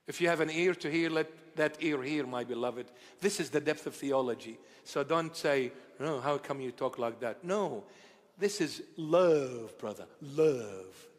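Preacher, male, affectionate and playful, bursts out loud at times, voice higher than usual, echoing church hall. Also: unhurried, few pauses. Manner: tender, playful preaching with sudden loud outbursts. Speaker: bishop. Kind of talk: sermon.

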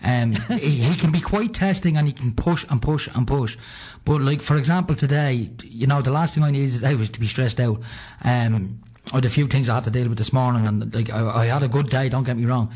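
A man's voice: medium pitch, slightly rough. An Irish man in his thirties, co-hosting a radio show, chatting casually and joking. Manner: fast, animated, joking.

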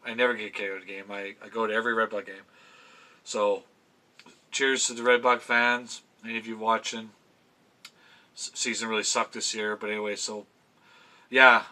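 A man's voice: lowish voice, flat delivery, normal speed, sharp tone. A middle-aged man, rambling casually to camera as a vlogger about football picks, chatty and full of restarts. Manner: chatty, self-interrupting, swears casually. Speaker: vlogger giving NFL picks. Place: home room with fan memorabilia.

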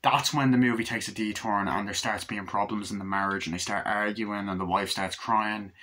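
A man casually reviewing a movie, swearing freely and rambling as he retells scenes with quick quoted lines. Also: fairly low pitch, fairly even intonation, pushed and bright, a little hiss or hum. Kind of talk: casual spoken film review.

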